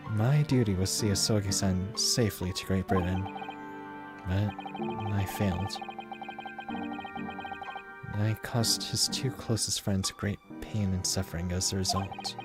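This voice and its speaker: A man's voice: sits low, fairly even intonation, takes it slowly, pauses often. A man reading a remorseful, formal male inspector over game music.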